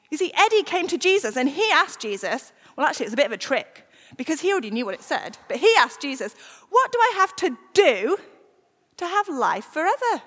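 A woman giving an all-age talk in church, lively and coaxing the children to join in. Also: high voice. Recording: church hall reverb.

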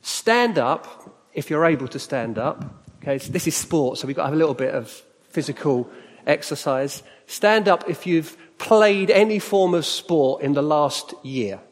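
A man's voice: fairly high pitch, animated, moderate pace. A middle-aged British man giving a conversational church talk to a live audience, often asking them questions. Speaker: church speaker. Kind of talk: sermon-style talk. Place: church hall. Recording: reverberant hall.

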